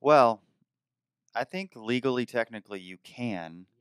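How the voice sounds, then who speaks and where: A man co-hosting a casual podcast, talking in a measured, thoughtful way. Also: mid-range voice, lively intonation, a bit bright, clear, resonant tone, no room sound, studio quality. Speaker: podcast co-host.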